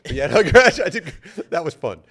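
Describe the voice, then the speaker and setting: A man's voice: on the high side, sing-song, moderate pace, a bit bright. A man from New York City, a company founder, telling stories as a guest in a casual interview, laid-back and profane, laughing often.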